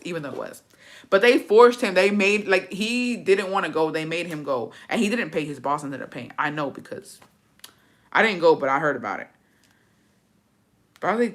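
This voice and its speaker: Woman vlogger with a bright, forceful voice; profane, gossipy storytime chat. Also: on the low side, expressive, brisk.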